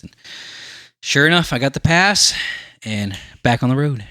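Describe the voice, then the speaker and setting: A man's voice: mid-range voice, lively intonation, moderate pace, a bit bright, no room sound. Male podcast host, casual storyteller, acts out quoted voices; dry, close sound.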